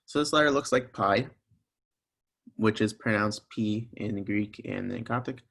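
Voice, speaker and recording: A young male teacher, fairly low-pitched yet a bit bright, with a creaky, husky quality, speaks unhurriedly in a recorded language lesson. Patiently and methodically he goes through each sound, repeating examples for the listener's benefit.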